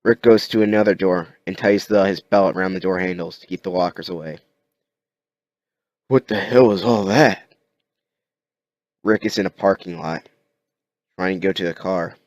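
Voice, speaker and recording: Halting low-voiced man reading aloud. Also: little pitch movement, a little mellow, highs cut off. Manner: halting, frequent restarts and fillers. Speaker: reader of a comic story. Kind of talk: amateur read-aloud narration.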